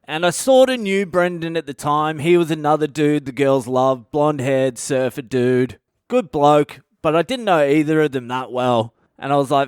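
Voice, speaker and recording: An Australian man in his thirties, a comedian telling wild personal stories in a profane, animated way. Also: fairly high pitch, normal speed, smooth, dry recording, clean studio sound. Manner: profane, animated, breaks into laughter. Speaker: comedian podcast host. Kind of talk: comic personal storytelling.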